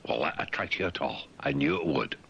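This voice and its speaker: A man's voice: a bass voice, animated, fairly quick, gravelly, fairly bright tone, lo-fi sound, slight background noise, pitched below the performer's own voice, heavily acted. A man putting on a bashful old Scotsman. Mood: pleading. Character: old Scottish man, courting with money.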